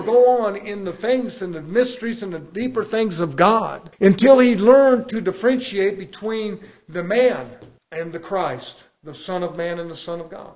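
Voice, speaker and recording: A man's voice: high-pitched, animated, normal speed, darkish tone. A man preaching a sermon to his church, building emphasis with rhetorical questions. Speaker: pastor.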